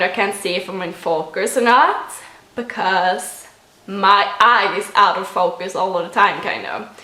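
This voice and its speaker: Young Swedish woman, casual vlog chat full of fillers, middle pitch, roomy recording. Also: normal speed, bright, forceful tone. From Sweden. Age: 20s. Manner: chatty, many fillers like "like" and "you know". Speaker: vlogger. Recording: roomy echo.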